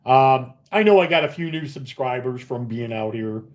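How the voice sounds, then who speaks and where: A middle-aged man hosting a slot channel live stream from a casino, chatting casually and telling stories in an animated way with a lot of swearing. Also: medium pitch, moderate pace. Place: casino upstairs area.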